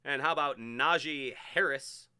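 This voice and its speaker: A man hosting a live-streamed sports card break, chatty and excitable as he hypes each card he pulls. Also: medium pitch, measured pace, clean tone.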